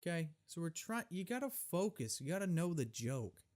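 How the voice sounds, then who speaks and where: A young man hosting his own podcast, telling a story in a profane, exasperated, animated rant. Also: a little high, moderate pace. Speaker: podcast host. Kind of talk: solo comedic storytelling rant.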